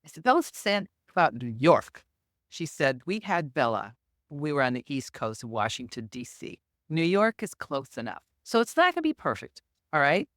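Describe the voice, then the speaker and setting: Animated woman telling anecdotes. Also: very deep voice, moderate pace, no echo, studio quality. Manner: animated, acts out quoted dialogue. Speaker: medium, podcast guest. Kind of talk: anecdotal storytelling in an interview.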